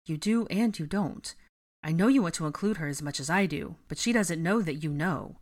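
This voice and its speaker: A woman's voice: low voice, lively intonation, normal speed. A woman voicing an earnest young man worried about his friends.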